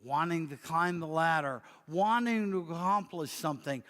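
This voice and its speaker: A man preaching and telling a story, swinging from loud bursts to near whispers. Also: on the high side, normal speed, hardly any pauses. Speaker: pastor. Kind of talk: sermon storytelling. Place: church sanctuary. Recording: long church hall reverb.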